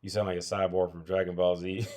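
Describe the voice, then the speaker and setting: A man's voice: sits low, flat delivery, fast, darkish tone. A tired man hosting a casual livestream chat, rambling with lots of filler words and restarts. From United States. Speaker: livestream host.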